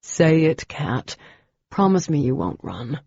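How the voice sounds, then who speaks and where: A woman's voice: deep voice, sing-song, slow, gravelly, a little mellow, breathy edge, dry recording, highs cut off, heavily acted. A woman doing Demon, an intense weary young man.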